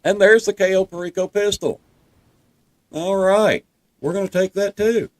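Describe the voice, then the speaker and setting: A man's voice: high-pitched, measured pace. A man with a Southern US accent giving a folksy, reassuring walkthrough commentary over gameplay, talking viewers through each step. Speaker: gameplay guide.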